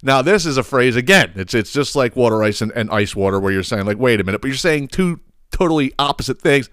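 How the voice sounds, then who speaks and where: A man's voice: mid-range voice, lively intonation, fairly quick, a bit bright, clean tone, no room sound, studio quality. A man, hosting a comedic solo rant, swearing and exasperated. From Philadelphia area. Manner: profane, exasperated ranting with chuckles. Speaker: podcast host.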